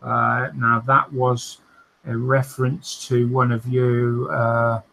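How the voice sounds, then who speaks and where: A man's voice: mid-range voice, completely flat delivery, takes it slowly, vocal fry, sharp tone, rough recording. A man hosting a modelling livestream, chatting casually and reading out viewer comments, often laughing, with lots of fillers and restarts.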